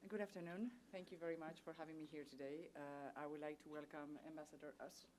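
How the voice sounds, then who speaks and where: A woman's voice: low voice, steady tone, fast, darkish tone, a little hiss or hum. A woman from Spain with a Spanish accent and Spanish as her first language, giving formal, earnest prepared remarks as a trade official at a seminar and reciting statistics. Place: seminar venue.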